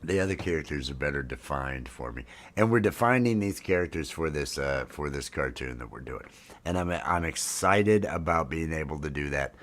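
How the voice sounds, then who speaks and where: A man's voice: very deep voice, expressive, moderate pace, a bit bright. A man in his fifties hosting a casual live stream, rambling with lots of fillers and restarts. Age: 50s. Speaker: livestream host. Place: home, drinking coffee while streaming.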